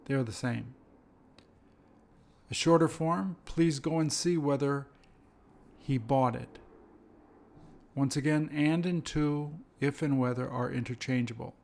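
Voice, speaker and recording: A man teaching an English lesson, speaking slowly and carefully and repeating example phrases. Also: medium pitch, creaky, darkish tone. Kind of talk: slow, deliberate language lesson.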